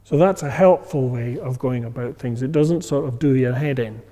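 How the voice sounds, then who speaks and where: A man with a medium-pitched, dark-toned voice speaks at normal speed while teaching an informal meditation class. He's loose and conversational, full of fillers and checks for understanding, and acts out inner voices. Long hall reverb hangs on the recording.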